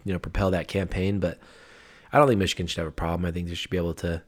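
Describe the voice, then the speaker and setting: Low-voiced man in casual sports chat. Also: flat delivery, racing. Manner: laid-back, hedging with many fillers. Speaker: podcast co-host.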